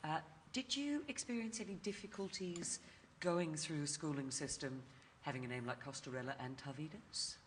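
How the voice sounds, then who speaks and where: A woman interviewing two guests, asking gentle questions and affirming their stories. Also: sits low, normal speed, few pauses, a little hiss or hum.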